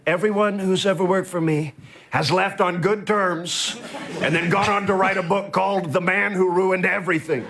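A man's voice: high-pitched, fairly bright tone. An actor playing a brash, boastful older male president who rambles and throws sarcastic jabs in a comedy sketch. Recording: sketch-show clip with audience laughter.

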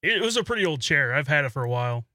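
A man acting as co-host, giving short deadpan replies in casual chat. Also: on the high side, rapid-fire, dry recording, studio quality. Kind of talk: casual radio-style chat.

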